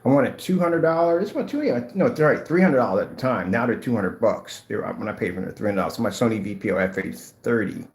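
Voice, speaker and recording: Expressive and fast, this man's mid-range voice barely pauses as he casually demos his projector screen paint at home. His sales style is emphatic and rambling, the room has a projector and a gray wall, and there's a roomy echo on the recording.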